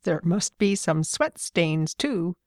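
Storybook role: mild, joking father, read by a woman. Wry and gentle. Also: lowish voice, animated, slow, no echo, clean studio sound.

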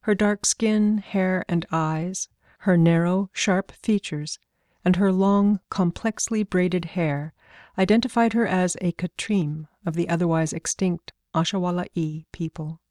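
A woman reads a fantasy story aloud in a measured, even way. Her voice is low and mellow. The recording is dry, with no room sound. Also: no room sound. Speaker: narrator. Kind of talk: scripted story narration.

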